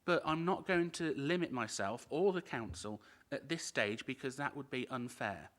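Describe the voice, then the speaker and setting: A man's voice: medium pitch, moderate pace, fairly bright tone. A man giving a firm, emphatic speech as a council cabinet member at a formal meeting.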